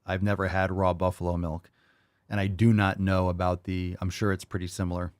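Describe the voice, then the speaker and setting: A young man answers listener questions on a live fitness podcast, easygoing but prone to loud, profane bursts of hype. His voice sits fairly low, and the sound is close and dry with no room echo. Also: flat delivery, a little fast, smooth. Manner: loud hype, swearing, hyped-up energy. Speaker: podcast host. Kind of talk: live call-in Q&A.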